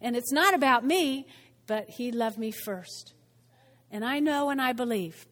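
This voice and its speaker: High-voiced woman pastor preaching slowly. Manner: animated, conversational, asks the congregation questions. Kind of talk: sermon. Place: church. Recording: long church hall reverb.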